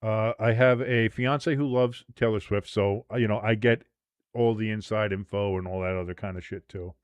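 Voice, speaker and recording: A man's voice: fairly low pitch, steady tone, moderate pace, clear, resonant tone, no room sound. A man in his forties hosting a live sports watch-along, crude and rambling, laughing at his own jokes. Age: 40s.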